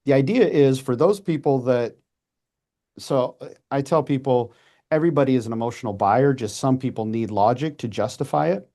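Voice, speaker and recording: A messaging coach in his forties, appearing as a podcast guest, hands out casual advice with animated energy. His medium-pitched voice makes quick restarts and acts out little asides.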